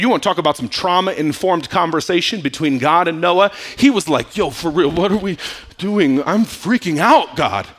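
A man preaching a sermon, swinging from loud, emphatic lines to hushed asides and playful, casual quotes. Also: high voice. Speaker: pastor.

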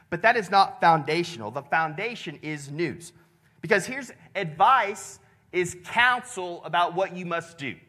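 A man's voice: high-pitched, sharp tone. A man, preaching a conversational sermon and often checking in with the congregation. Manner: conversational, with many restarts and "right?" checks. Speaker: pastor.

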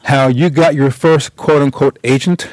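A man's voice: medium pitch, fairly even intonation, moderate pace, darkish tone, dry recording, rough recording. A man interviewing a guest on stage, eager and a little stumbling as he asks questions. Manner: eager, stumbles and repeats words. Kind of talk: onstage interview.

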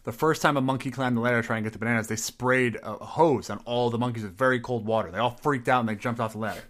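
A man from the Midwest runs a tabletop game in a relaxed, profane chat, his voice sitting at an ordinary middle pitch. He rambles through stories with easy laughs and filler words. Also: fast talker. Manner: loose, profane, laughing storyteller. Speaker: game master.

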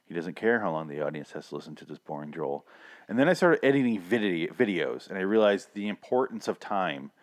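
Male podcast co-host, low voice, rambling and sweary, keeps clearing a sore throat. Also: lively intonation, a little fast. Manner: rambling, swears freely, laughs often. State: throat irritated, clearing it often. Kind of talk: casual profane chat.

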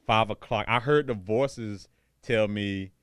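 A man's voice: fairly low pitch, slow, smooth, no echo, clean studio sound. A man chatting casually on a podcast, telling rambling, profane stories with laughs. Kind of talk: casual chat.

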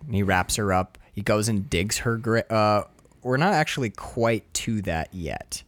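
A man's voice: fairly low pitch, a little slow, dry recording. A man co-hosting a casual movie-review podcast, talking with profane enthusiasm and frequent restarts. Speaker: podcast co-host.

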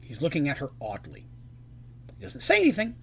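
Husky man narrating a tabletop game. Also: a little high, fairly quick. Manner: relaxed, rambling narration with restarts. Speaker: game master.

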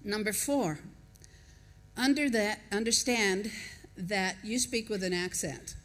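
An older American woman with an accent softened by decades abroad gives a conversational sermon. Her voice sits at a middle pitch. She tells stories and laughs along with her listeners, and a long reverb from a large church hall surrounds her words. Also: steady tone, takes it slowly. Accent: American, softened by years in Australia. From United States. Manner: conversational, storytelling, laughs with the congregation. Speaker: pastor. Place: church auditorium.

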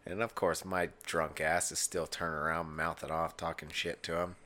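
Very low-voiced man in his thirties, bright edge in the tone, swears freely while telling stories. Podcast co-host. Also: normal speed. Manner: profane, animated storyteller. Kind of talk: casual chat.

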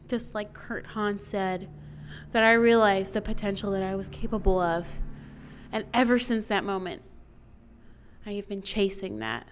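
A woman's voice: medium pitch, fairly bright tone, a little hiss or hum. A woman telling a personal story to an audience, emotional and piling up complaints in long runs. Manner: emotional, building lists of complaints. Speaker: storyteller on stage.

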